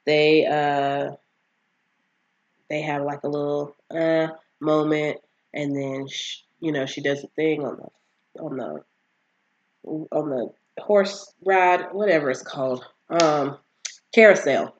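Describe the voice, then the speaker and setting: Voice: medium pitch, fairly even intonation, slow, dull audio. A vlogger casually recapping a TV series, rambling with lots of fillers and acting out the characters' lines.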